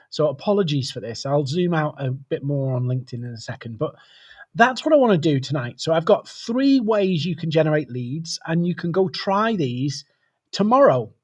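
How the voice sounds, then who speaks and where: Male webcast host, slightly high voice, casual and chatty. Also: husky. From United Kingdom. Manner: chatty, greets viewers by name. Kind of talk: live webcast chat.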